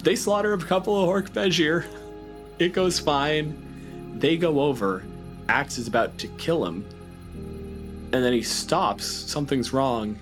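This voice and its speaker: A man's voice: fairly high pitch, measured pace, pauses often, music in the background. A man hosting a casual book-club podcast, recapping the plot in a blunt, profane way. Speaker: podcast host.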